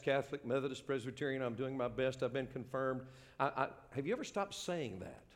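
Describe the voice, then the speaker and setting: A man in his sixties preaching a sermon as pastor, earnest, dropping to a hush and then rising to a ringing call. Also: mid-range voice, long reverb tail.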